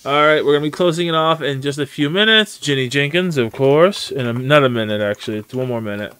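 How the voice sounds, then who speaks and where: Lively chatty male game streamer. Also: fairly high pitch, fast talker, smooth, soft background music. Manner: chatty, greets viewers by name. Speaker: gaming streamer. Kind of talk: live gameplay commentary.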